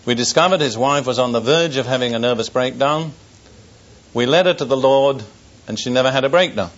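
An older male pastor delivers a sermon testimony to a congregation at a church service, mixing a personal wartime story and dry wit before moving into solemn warnings. He speaks fairly quickly in a mid-pitched voice. The recording sounds dull and lo-fi.

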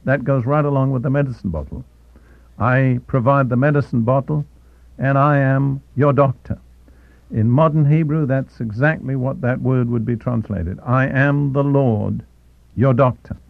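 A man giving a sermon as a Bible teacher, deliberate and slowing down to stress key phrases. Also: medium pitch, fairly even intonation, creaky, dry recording. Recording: tinny phone-like, dry.

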